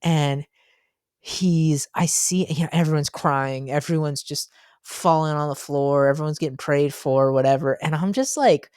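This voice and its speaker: A man hosting a casual podcast, telling stories in an animated way with frequent ums and likes. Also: fairly high pitch, unhurried, clean tone, no echo, studio quality. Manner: animated storyteller, frequent fillers. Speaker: podcast host.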